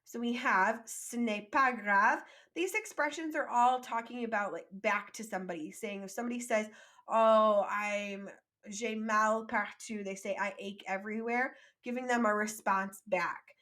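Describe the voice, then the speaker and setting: With a bright, forceful, mid-range voice, a woman leads a French vocabulary lesson. She says each phrase slowly so learners can repeat it, explains it quickly in English, and cheers them on.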